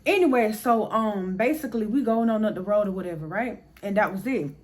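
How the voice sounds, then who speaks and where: A young woman spins a casual storytime for her viewers, talking straight to them. Her delivery is animated and blunt, with plenty of profanity. Her voice sits at an ordinary pitch for a woman. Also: fairly quick. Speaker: storyteller vlogger.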